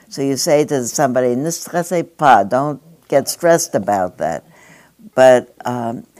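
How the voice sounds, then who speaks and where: An older woman with a strikingly deep voice speaks to a gathering. She muses and digresses, and often slips into chatty asides. The tone is reflective and unhurried. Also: mellow. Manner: rambling, digressive, with conversational asides. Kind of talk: reflective spoken address.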